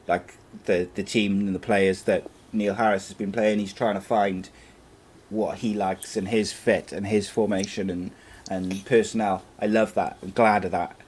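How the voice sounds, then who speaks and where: A young man with a fairly low voice talks football on a podcast. He thinks aloud loosely, trailing off and restarting his points as he goes. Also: flat delivery, moderate pace, darkish tone, husky. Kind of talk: casual live podcast chat.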